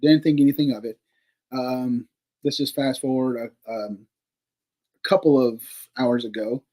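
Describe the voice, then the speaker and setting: Man, husky voice, casual storytelling, rambling with fillers, swears casually, laughs between remarks. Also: mid-range voice, dark tone, poor audio. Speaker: paranormal investigator guest.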